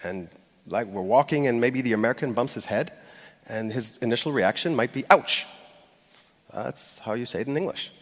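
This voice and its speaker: A man's voice: medium pitch, a little fast. A man giving a live public talk from a stage, speaking conversationally with fillers and restarts and acting out short quoted phrases with light laughs. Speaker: conference speaker. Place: stage in a large hall. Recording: long hall reverb.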